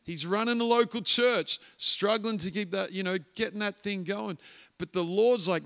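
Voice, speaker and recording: A man's voice: high-pitched, normal speed, creaky, fairly bright tone. A man preaching a guest sermon, telling a story and acting out the voices of its characters. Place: church hall. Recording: church hall reverb.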